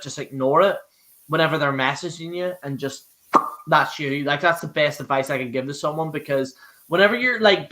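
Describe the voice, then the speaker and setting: A young Irish man hosting a live show, his voice bright and a touch high. He rambles in loose, casual chat, swearing freely and restarting his sentences often. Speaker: host.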